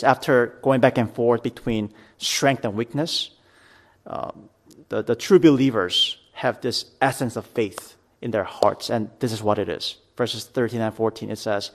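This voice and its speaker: A man preaching a sermon to his church, earnest, reading scripture dramatically and talking it through plainly. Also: medium pitch. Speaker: pastor.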